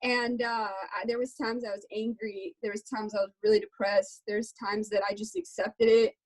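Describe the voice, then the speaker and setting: A woman's voice: medium pitch, flat delivery, normal speed, darkish tone, low-quality recording. A young adult woman speaking in an interview, talking earnestly and from the heart. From Texas. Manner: earnest, heartfelt, faith-centered. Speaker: guest musician. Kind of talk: candid interview talk.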